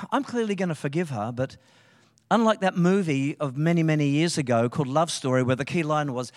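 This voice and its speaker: An Australian man, a pastor, preaching a live sermon in a conversational, animated way, often restarting his sentences for emphasis. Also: on the high side. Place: church hall, live service. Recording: reverberant church hall.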